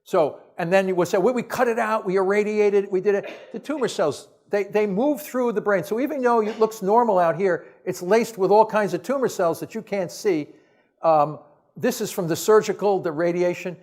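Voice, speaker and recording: Male professor lecturing a hall; higher-pitched, blunt and exasperated, punchy rhetorical questions, loose unscripted delivery. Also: moderate pace, a little mellow. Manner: casual, off-the-cuff phrasing with restarts. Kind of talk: science lecture to an audience.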